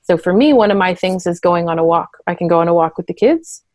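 A woman therapist explaining things in conversational interview talk, and at times acting out quick voices. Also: lowish voice, expressive, darkish tone, dry recording. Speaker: therapist and parent coach.

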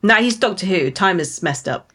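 A woman's voice: mid-range voice, lively intonation, normal speed, fairly bright tone, husky. A British woman co-hosting a casual book podcast, joking dryly and laughing often. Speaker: podcast co-host. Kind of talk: casual book discussion chat.

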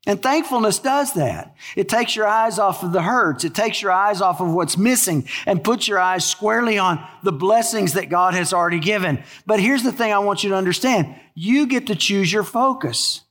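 Male pastor, conversational storyteller, leans hard on key words, high-pitched, long church-hall echo. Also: moderate pace, few pauses, fairly bright tone. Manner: conversational storytelling preacher with emphatic stretched words. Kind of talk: sermon.

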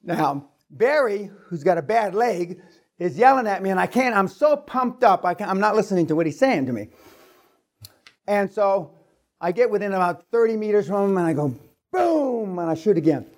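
A man with a fairly high voice tells a story to a seminar audience. He swears freely and keeps acting out the sounds of the action. His delivery is lively and unfiltered. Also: normal speed. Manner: profane, lively storyteller who acts out sounds. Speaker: seminar speaker. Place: seminar room.

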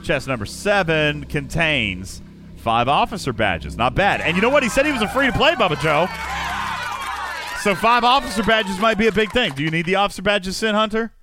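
A man's voice: high-pitched, animated, moderate pace, noisy background. A man hosting a casual podcast, joking around and rambling, then rattling off long lists of supporter names. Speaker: podcast host. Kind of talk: casual podcast banter and shout-outs.

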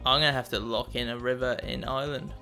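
A man's voice: mid-range voice, fairly even intonation, quick pace, pushed and bright, faint music behind. A young man co-hosting a podcast, taking a quiz in casual banter, joking and swearing freely. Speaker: podcast co-host answering quiz questions.

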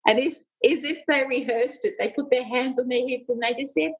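A woman's voice: high voice, a little fast, slightly rough, low-quality recording. A middle-aged woman, a union leader and former nurse, telling personal stories candidly and with animation in an interview.

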